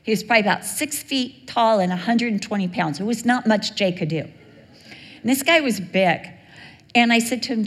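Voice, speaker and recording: Woman, preacher, sermon, lively storytelling, acts out voices, long hall echo. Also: a little high, moderate pace.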